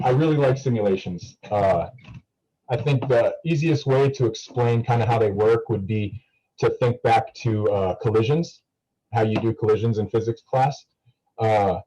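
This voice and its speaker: A young man with a low, mellow voice talks casually to a class over a video call. He rambles, full of fillers and restarts. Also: dull audio. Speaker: student guest speaker.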